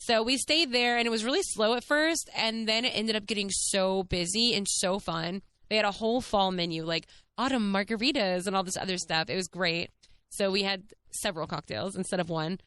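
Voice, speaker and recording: A woman in her thirties tells a story on her podcast in a chatty, lively way. Her voice is smooth and clear, and she laughs easily and swears casually as she talks. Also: mid-range voice, brisk. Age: 30s. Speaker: podcast host.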